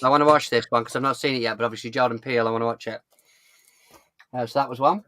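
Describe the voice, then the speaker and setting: A man's voice: mid-range voice, steady tone, rapid-fire, sharp tone, slight background noise. A man in casual chat, making teasing, jokey remarks.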